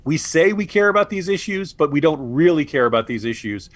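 A man's voice: a little high, lively intonation, a little fast, dry recording. A man co-hosting a political podcast, sarcastic and exasperated, often stammering and restarting. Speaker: co-host.

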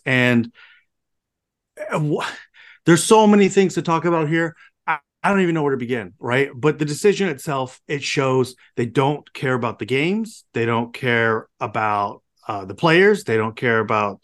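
A man co-hosting a sports podcast, ranting angrily and swearing freely. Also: mid-range voice. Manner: angry, profane, fired-up ranting. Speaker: podcast co-host. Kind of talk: casual podcast rant.

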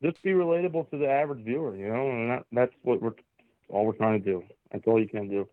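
A man from Southeast Pennsylvania talks fast as a podcast guest in a casual chat. His mid-range voice comes through a tinny, phone-like call line with a dry, close sound and no echo. He is earnest and rambling, circling back through many restarts and saying "you know" a lot.

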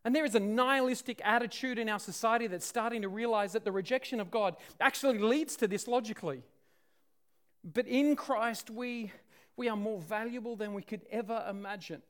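A man preaching a sermon, swinging from loud declarations to hushed, dramatic near-whispers. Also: high-pitched, brisk.

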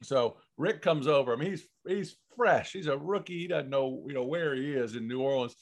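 Brief: man podcast host, easygoing storyteller, mid-pitched voice. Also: normal speed. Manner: relaxed, chatty storyteller. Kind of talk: casual interview chat.

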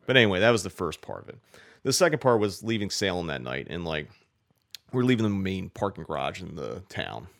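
A man's voice: low voice, very animated, fairly quick, vocal fry, a bit bright. A man casually telling a long, rambling story, cursing often and filling his talk with "like". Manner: rambling, profane, many "like" fillers.

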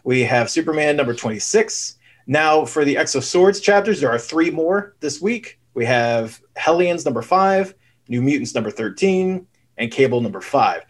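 A man on a podcast panel reading a list of titles in a steady, even delivery. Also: fairly high pitch, normal speed.

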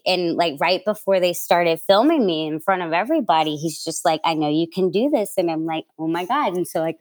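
A young New Yorker with a medium-pitched voice tells stories as a guest in a relaxed interview. She's chatty and laughs a lot, leaning on fillers and performing the quotes she recounts.

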